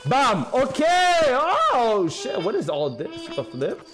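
A man live-streaming a video game, reacting loudly and chatting with his viewers in slangy, excitable bursts. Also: high-pitched, a little slow, music in the background. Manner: excitable, loud outbursts, slangy, talks to chat. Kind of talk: casual live-stream commentary.

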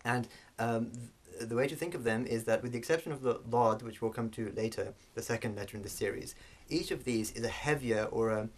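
A man teaching a language lesson, explaining sounds slowly with frequent fillers and restarts. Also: mid-range voice.

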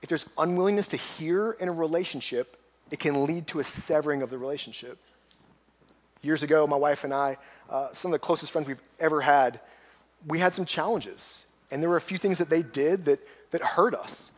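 A man's voice: fairly high pitch, moderate pace. A middle-aged man preaching a church sermon in an earnest, storytelling manner, building up with emphasis at his punch lines. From United States. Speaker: pastor.

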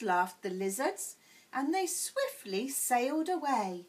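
A woman teacher reading a children's picture book aloud in a clear, expressive bedtime-story way. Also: high voice, slow, low-quality recording. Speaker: primary school teacher.

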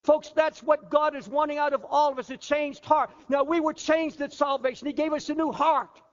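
Older pastor guy preaching hard, really high voice, muffled old recording. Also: fairly even intonation, moderate pace. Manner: fervent preaching, drops low and quiet for the voice of the flesh. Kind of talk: sermon. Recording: muffled hall recording with long reverb.

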